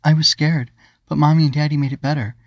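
A man doing a shy little girl from a bedtime storybook, timid and soft-spoken, raised well above his own pitch. The sound is close and dry. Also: fairly even intonation, fast talker, no room sound. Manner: timid, whispery. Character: small young girl, shy and scared at bedtime.

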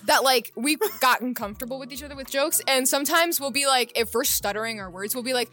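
Young woman, high bright voice, casual podcast chat, animated and laughing, faint music behind. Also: fast talker, few pauses. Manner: animated, laughing, swears freely. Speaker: podcast co-host.

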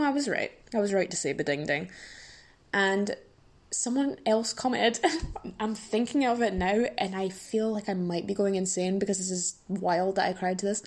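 A sleep-deprived woman in her twenties hosting a solo podcast, rambling through a casual rant with dramatic, self-mocking asides. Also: medium pitch. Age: 20s. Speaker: podcast host.

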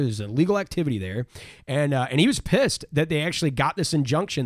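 A man's voice: fairly high pitch, dry recording, studio quality. A man casually retelling a crime story on a podcast, rambling, repeating words and swearing freely.

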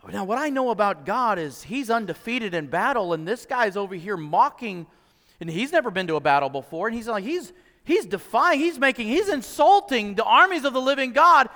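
A man's voice: high voice, sing-song, brisk, sharp tone, big-room sound, heavily acted. A man voicing a fearless young shepherd boy who asks, indignant and earnest, why no one will fight. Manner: earnest, fired-up questioning.

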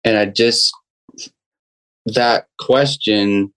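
A young male musician, appearing as a guest in a casual interview, tells a personal story haltingly, with many fillers and restarts. His voice is on the low side, steady and a bit bright, and the recording quality is poor.

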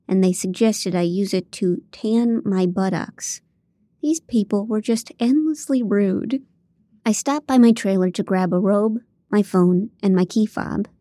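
Warm, dry-voiced woman narrating an audiobook. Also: mid-range voice, no echo. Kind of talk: first-person audiobook narration.

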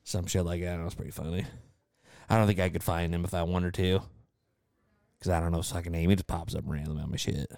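A man's voice: sits low, steady tone, fast talker, darkish tone, no echo, clean studio sound. A man in casual podcast chat who swears freely, laughs often, and mimics people. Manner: profane, laughing, mimics people in put-on voices.

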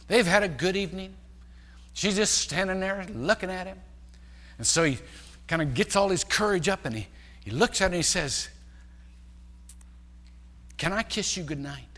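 A male pastor preaching a sermon, telling stories and shifting between loud emphasis and hushed, quiet passages. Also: sits high, in a large hall. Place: large church sanctuary.

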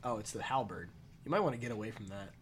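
A man's voice: lowish voice, animated, quick pace, a little hiss or hum. A man co-hosting a casual comedy podcast while gaming, riffing on silly bits in a rambling, jokey way. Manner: rambling, jokey, bursts into loud shouted impressions. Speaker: podcast co-host.

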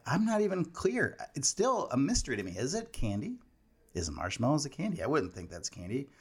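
A man's voice: medium pitch, creaky. A man hosting a casual comedic monologue, telling a story and acting out the people in it as he quotes them. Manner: storytelling, animated quoting of others. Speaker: host.

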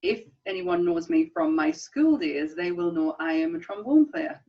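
A woman co-hosting a podcast in casual chat, animated, laughing often and restarting her sentences. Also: on the low side, normal speed. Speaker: podcast co-host. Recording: distant, dull lo-fi sound.

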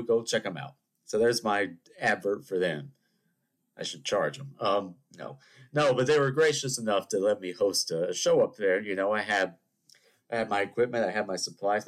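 A man with a slightly low voice hosts a solo podcast, sniffling through a cold. He chats loosely with his listeners and wanders into digressions and jokey asides. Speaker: podcast host. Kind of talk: rambling solo podcast monologue.

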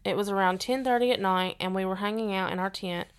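A woman co-hosting a podcast, reading listener stories aloud in a steady, earnest way between bits of casual chat. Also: medium pitch, quick pace, clean tone.

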